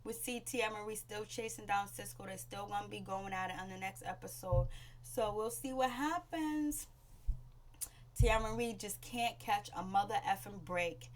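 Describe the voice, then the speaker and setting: A woman at a middling pitch recaps a reality show episode in a loose, chatty way. She rambles through fillers and slips into raised voices to act out the lines people said. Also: normal speed. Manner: chatty and rambling, with many "you know, um" fillers. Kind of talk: casual spoken show recap.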